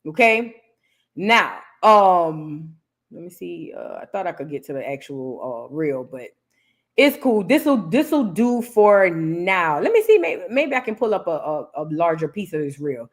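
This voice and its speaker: A woman's voice: lowish voice, very animated, unhurried. A woman who hosts a celebrity gossip reaction show and talks straight to her viewers in a chatty, casual way. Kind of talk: casual commentary.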